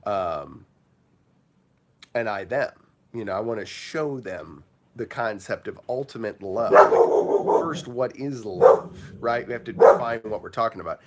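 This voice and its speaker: A man's voice: fairly low pitch, lively intonation, measured pace. A man hosting a casual morning livestream, rambling with lots of fillers and breaking into laughter. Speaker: livestream host.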